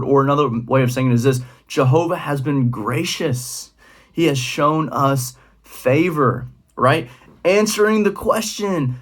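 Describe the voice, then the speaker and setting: A man's voice: mid-range voice, measured pace. A young man giving a casual, conversational devotional talk as a youth pastor, with frequent fillers. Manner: relaxed and conversational, with many fillers.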